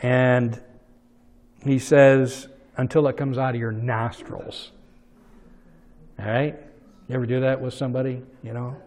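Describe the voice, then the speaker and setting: A man preaching a sermon, swinging from soft asides to loud, emphatic peaks as he retells a story. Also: mid-range voice, flat delivery, unhurried, pauses often, long reverb tail. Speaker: pastor.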